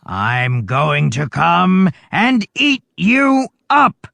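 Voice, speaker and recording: A storybook reader voicing a hungry, greedy male troll who guards a bridge, dropping lower and gloating. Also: sing-song, drawn-out words, vocal fry, fairly bright tone, no echo, full character voice. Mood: menacing.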